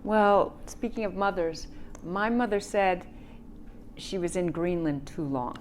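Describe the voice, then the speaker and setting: Female author guest, wry, laughing, lowish voice, faint room hum. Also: a little slow, darkish tone. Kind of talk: casual conversation.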